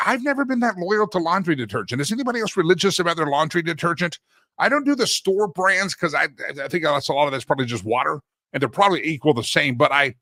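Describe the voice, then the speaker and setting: A man's voice: on the high side, bright, forceful tone, no room sound. A middle-aged man from Texas hosting a talk show, rambling and joking in casual chat. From Deep East Texas. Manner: rambling, joking, self-interrupting.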